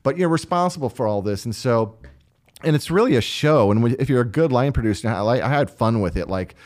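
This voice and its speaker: An animated man who tells stories in a loose, conversational way. His voice sits at an ordinary middle pitch, and he often breaks into the voices of the people he describes. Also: fairly quick. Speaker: line producer guest. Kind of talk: casual storytelling interview.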